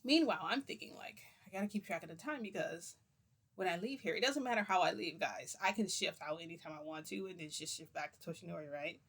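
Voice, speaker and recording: A woman's voice: fairly low pitch, fast, fairly bright tone, slightly rough. Chatty young woman telling a story. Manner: rambling, chatty, full of "like" fillers. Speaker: vlogger. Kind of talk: casual storytelling to viewers.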